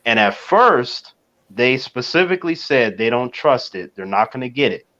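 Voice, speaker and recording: A man on a talk panel telling a long personal story in a relaxed, measured way, with soft fillers. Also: mid-range voice, dull audio.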